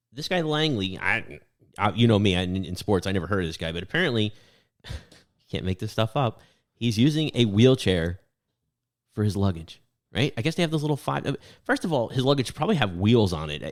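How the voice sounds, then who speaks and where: Jokey North Jersey man, low voice. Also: big pitch swings, a little fast. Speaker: podcast co-host. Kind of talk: casual chat.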